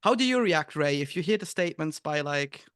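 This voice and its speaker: Podcast host man, higher voice, dry. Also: expressive, a little fast, a bit bright, clean tone, dry recording. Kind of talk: casual interview chat.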